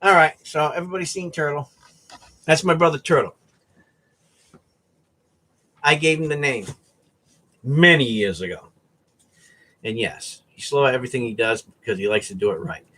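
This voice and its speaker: A man from the US East Coast, hosting a casual home vlog and telling a story in an animated way, often ending sentences with "right?" or "okay?". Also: mid-range voice, moderate pace, long pauses. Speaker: vlogger host.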